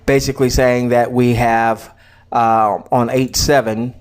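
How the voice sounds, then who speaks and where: Middle-aged male promoter, rambling and chatty, mild cough, mid-pitched voice, talking close to a desk mic. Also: flat delivery, unhurried, smooth. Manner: chatty, many fillers and repeats. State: slight cough. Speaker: online business promoter. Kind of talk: casual screen-share walkthrough.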